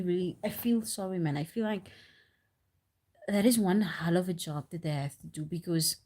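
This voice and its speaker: A woman chatting on a live stream, telling stories in an animated, rambling way with restarts and frequent laughs, into a phone. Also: on the low side. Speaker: livestreamer. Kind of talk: casual storytelling on a live stream.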